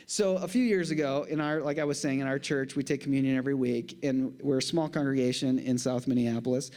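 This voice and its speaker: A middle-aged man giving a humorous conference talk to a church audience, animated, with jokey asides. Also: mid-range voice. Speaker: conference speaker.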